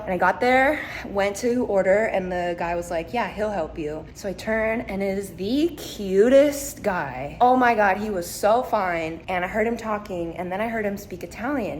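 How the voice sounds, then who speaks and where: A young woman with a lowish voice tells a story to a handheld camera for her travel vlog, chatty and giggly in tone. Filmed in a hotel room and outdoors, the casual recording is echoey, with loud ambience and slight background noise.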